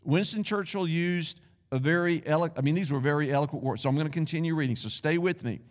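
A man's voice: fairly high pitch, fast. Man, pastor, sermon, conversational, folksy asides, echoing sanctuary. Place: church sanctuary.

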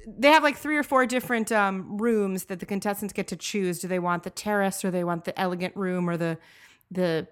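A woman's voice: medium pitch, a little fast, smooth. A woman co-hosting a podcast in casual chat, chatty and enthusiastic, often trailing off mid-sentence. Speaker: podcast co-host.

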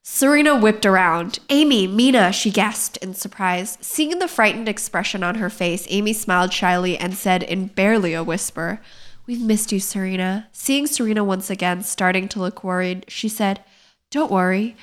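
A woman's voice: medium pitch, normal speed, fairly bright tone. A young woman on a casual podcast, reading her old fan fiction aloud and poking fun at it, laughing often and filling her talk with "like". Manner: self-mocking, laughs often, many fillers. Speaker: guest comedian and writer.

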